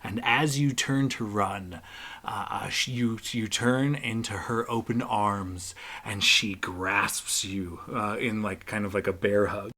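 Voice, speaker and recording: A man narrating a tabletop game as game master, halting with many fillers. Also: on the low side, fairly even intonation, pushed and bright.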